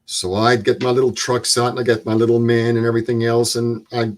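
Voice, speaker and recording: A man in his seventies, a guest, telling stories in a plain-spoken, measured way. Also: medium pitch, monotone. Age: 70s. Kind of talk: storytelling interview.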